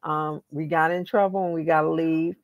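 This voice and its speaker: A genealogy host from California with a Southern US accent chats casually about family research, thinking aloud as she looks things up on screen. Her voice sits low with a steady tone at normal speed, and the lo-fi recording has no room sound.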